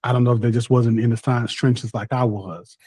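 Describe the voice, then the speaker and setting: A man's voice: mid-range voice, fairly even intonation, brisk, dark tone, breathy edge, dry recording. A man in his thirties with a Southern US accent, a talkative, playful podcast guest in casual chat. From North Carolina, US. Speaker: podcast guest, content creator.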